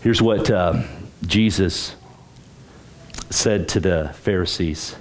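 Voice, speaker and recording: A pastor preaching a sermon, emphatic, with his pitch climbing on key points and repeating words as he starts phrases. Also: slow pace, a little hiss or hum.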